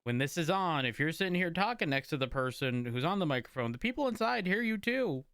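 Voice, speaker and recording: Clear, lively-voiced man officer. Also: on the high side, fairly quick, no echo, clean studio sound. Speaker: police officer. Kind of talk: casual role-play.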